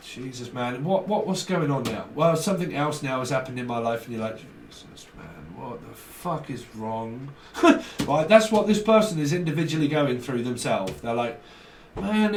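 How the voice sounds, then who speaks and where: This man reads tarot in an echoey room, dramatizing exchanges with slang, frequent laughter and swearing. His medium-pitched voice is recorded from a distance, slightly off-mic, with slight background noise.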